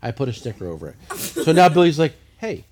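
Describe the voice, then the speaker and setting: A middle-aged man with a high, lively voice rattles through a story at top speed, swearing constantly. He hosts a loose, casual chat, and his pitch swings up and down all the way through. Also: fast talker. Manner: profane, animated storytelling. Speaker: podcast host.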